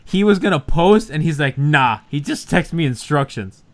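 A man's voice: a little high, animated, normal speed. A man hosting a casual podcast, teasing his co-hosts in laid-back banter. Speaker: podcast host.

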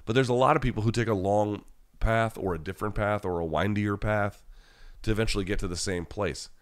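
A man's voice: on the low side, steady tone, a little fast. A man hosting a podcast live chat, answering viewers in a blunt, rambling, casual way with many restarts.

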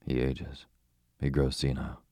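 A man voicing a fussy, precise older male detective who speaks placidly and deliberately, with foreign turns of phrase. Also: very deep voice, monotone, a little mellow, no room sound, clean studio sound, heavily acted.

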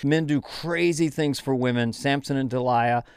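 A man chatting as a podcast guest, musing in quick bursts. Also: medium pitch, clean tone, dry recording, studio quality. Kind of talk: casual chat.

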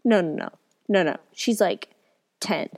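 Speaking in a mid-range, slightly mellow voice at a measured pace, this podcast co-host has a cold. She chats casually about books, wandering off track and correcting herself along the way.

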